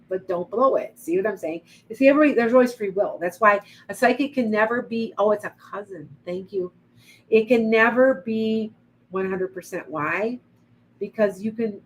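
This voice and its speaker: A woman's voice: medium pitch, darkish tone, slight background noise, poor audio. A middle-aged woman giving rambling psychic readings on a live stream. She greets viewers by name as she goes. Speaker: psychic medium.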